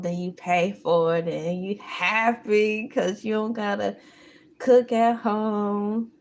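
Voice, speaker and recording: A woman hosting a casual live stream, animated and laughing, breaking into sung exclamations. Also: on the low side, slight background noise. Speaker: livestream host.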